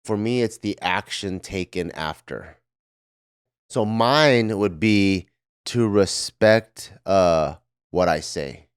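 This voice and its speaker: A man's voice: on the low side, slow, smooth, dry recording, studio quality. A man co-hosting a podcast, telling frank and profane stories in casual chat. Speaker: podcast co-host.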